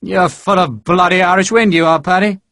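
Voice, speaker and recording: A man's voice: high-pitched, fairly even intonation, normal speed, a bit bright, dry recording, voice pushed up. A man voicing a tough, blunt English soldier with a dry manner.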